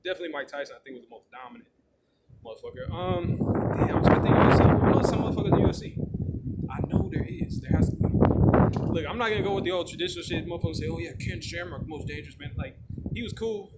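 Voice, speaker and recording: A man's voice: high voice, expressive, very fast. A man chatting casually as host, rambling with heavy swearing and lots of fillers. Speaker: channel host. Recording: loud background noise with clicks.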